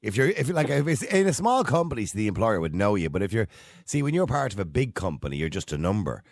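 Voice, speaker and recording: A man's voice: fairly low pitch, sing-song, fast, creaky, no room sound, studio quality. An Irish man hosting a casual radio chat, playful and jokey, slipping into sung snippets. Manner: playful, jokey, sings snippets and breaks into bits. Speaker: radio host.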